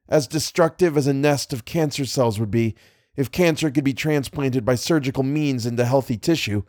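A man voicing a learned, mystical man who speaks gravely and lectures about a cosmic menace. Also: mid-range voice, a little mellow, dry recording, clean studio sound, pitched above the performer's own voice, lightly acted. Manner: solemn, lecturing.

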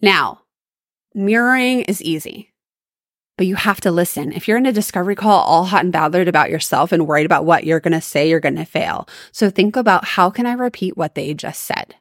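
A woman with a slightly low voice talks straight into a close podcast mic, with no room sound around her. She coaches her listeners in an upbeat, emphatic way. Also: a little fast, no room sound. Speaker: podcast host. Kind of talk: solo podcast coaching talk.

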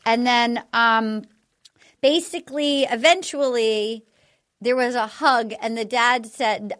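A woman's voice: fairly high pitch, normal speed, fairly bright tone. Chatty woman host recapping a show. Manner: rambling, retells scenes with many fillers. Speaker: podcast host. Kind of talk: casual recap chat.

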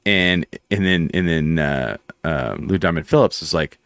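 A man hosting a casual chat show, telling stories in an animated, filler-heavy way. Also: deep voice, a little slow, no echo. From near West Texas. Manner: animated storyteller, many fillers. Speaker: host.

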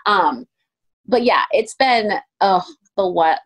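Woman telling lively stories. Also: slow. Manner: animated, acts out quotes with lively pitch jumps. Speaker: guest, pastry chef turned ice cream maker. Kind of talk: casual interview storytelling.

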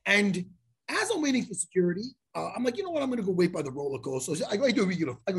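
A man's voice: high voice, big pitch swings, racing, slightly rough. A man telling a story on a podcast in a loose, profane way, acting out every exchange. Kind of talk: casual storytelling.

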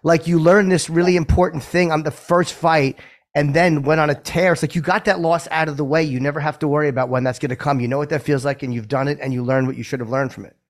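Man, co-host, fast pace, higher pitch, curious, rambling. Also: fairly even intonation. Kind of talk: casual interview chat.

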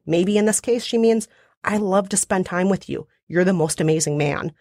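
A woman's voice: on the low side, normal speed, darkish tone, no echo, clean studio sound. A woman co-host reading out book steps with dryly ironic asides. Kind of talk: scripted summary with wry asides.

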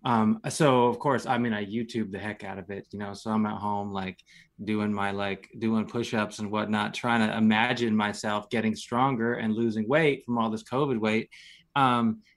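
A man's voice: fairly low pitch, flat delivery, moderate pace. A man in his forties, a guest on a podcast, telling stories in a rambling, laid-back way with lots of "you know" and some casual swearing. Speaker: podcast guest, reality competition champion.

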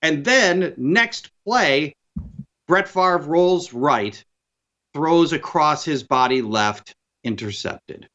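A man guesting on a sports talk show, telling a story of a losing team in an animated, lamenting way. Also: fairly high pitch, takes it slowly. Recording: dull lo-fi line.

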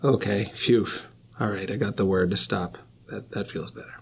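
A man's voice: fairly low pitch, steady tone, moderate pace, vocal fry, fairly bright tone, husky. A man in his thirties, a podcast guest talking over a remote call, rambling and self-deprecating with frequent laughs. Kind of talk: casual podcast chat.

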